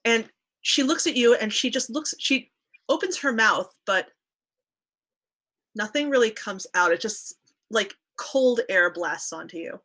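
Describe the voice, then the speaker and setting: Bright-voiced woman running a tabletop game. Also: on the high side, expressive, measured pace, long pauses, poor audio. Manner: hesitant, casual with fillers. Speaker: game master.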